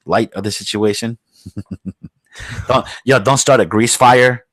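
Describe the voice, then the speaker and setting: A man's voice: medium pitch, slow, no room sound. A blue-collar New man riffs on a podcast, cursing freely and joking through his rants. His mid-range voice sits dry and close on the mic, with no room sound at all. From New York. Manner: profane, rambling, joking, blue-collar bluster. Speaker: podcast host. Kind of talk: casual podcast chat.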